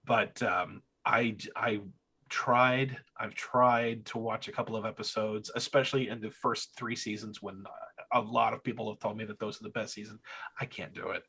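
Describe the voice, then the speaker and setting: A man's voice: fairly low pitch, fairly even intonation, normal speed, pushed and bright, breathy edge. A man co-hosting a podcast, telling a story in a casual, hesitant way. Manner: storytelling, hesitant with many restarts. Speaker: podcast co-host. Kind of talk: casual chat.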